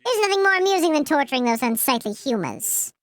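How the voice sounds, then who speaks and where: A man voicing a gleeful, sadistic game villain who loves tormenting others, in a shrill, gloating, loud manner. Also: big pitch swings, fast, heavily acted. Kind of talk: reading game dialogue aloud on stream.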